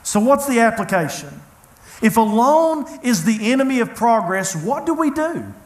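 A man's voice: extremely high pitch, sing-song, normal speed. A man preaching a sermon, telling a personal story in an earnest, conversational way. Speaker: pastor. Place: church hall. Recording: echoey church room.

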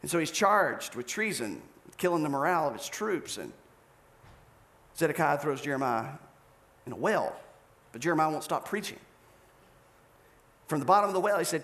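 A male pastor preaching a sermon, telling a story with animated delivery and acted-out scenes. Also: on the high side, normal speed, long pauses.

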